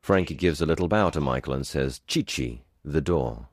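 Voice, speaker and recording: Very deep-voiced man narrating audio description. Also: expressive, moderate pace, breathy edge.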